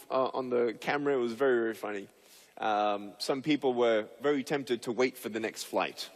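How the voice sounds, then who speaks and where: A man giving a motivational talk, telling funny stories with lively jumps into the voices of the people in them. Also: a little high, long reverb tail. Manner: animated, acts out the people in his stories with big voice jumps. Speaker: motivational speaker. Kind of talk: humorous storytelling talk.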